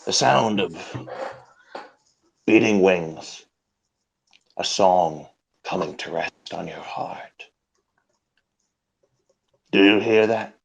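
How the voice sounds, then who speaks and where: A man with a very low, gravelly voice hosts an absurd improvised comedy show. He talks slowly and rambles, drifting from a mock interview into fake sponsor messages and solemn, overblown speeches. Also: low-quality recording. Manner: rambling, swings into mock-dramatic monologue. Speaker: comedy host.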